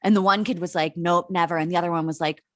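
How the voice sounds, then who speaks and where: An American woman in her late thirties, co-hosting a podcast and telling stories in an animated, profane, laughing way. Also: on the low side, racing, no echo, studio quality. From United States. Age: late 30s. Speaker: podcast co-host. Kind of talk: casual storytelling chat.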